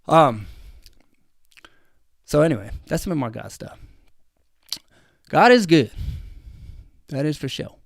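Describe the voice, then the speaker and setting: A man's voice: a little high, big pitch swings, slow, vocal fry, long pauses, no echo, studio quality. A man hosting a casual livestream, rambling enthusiastically with lots of fillers. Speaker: livestream host answering viewer questions.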